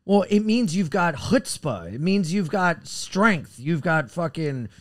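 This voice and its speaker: A man's voice: a little high, sing-song, takes it slowly, dry recording. A man co-hosting a podcast, trading crude jokes in casual comedic banter, recorded on a close podcast mic. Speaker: podcast co-host.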